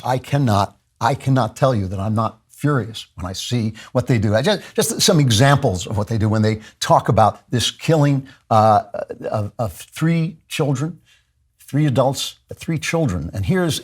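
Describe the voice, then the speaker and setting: A man hosts his podcast in a fervent, impassioned monologue, circling back on his phrases and restarting sentences as he presses his point. His voice is husky at a middle pitch. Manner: fervent, repetitive, with frequent restarts. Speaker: podcast host.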